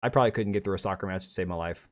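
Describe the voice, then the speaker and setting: A man's voice: deep voice, rapid-fire. Blunt, rambling man chatting on a livestream. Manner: rambling, blunt and opinionated, with frequent restarts and asides to chat. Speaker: livestream host. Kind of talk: casual livestream chat.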